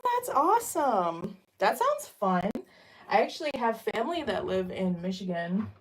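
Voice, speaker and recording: A young woman from Massachusetts chatting casually with viewers while doing chores, rambling with lots of "like" and "um," a little out of breath. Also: mid-range voice. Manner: chatty, rambling, many "like" and "um" fillers. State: a bit out of breath. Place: at home.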